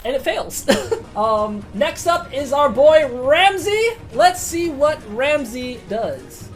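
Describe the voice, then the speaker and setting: A woman narrating a tabletop game as game master, excitable, swearing casually and laughing often. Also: high voice, a little slow, soft background music.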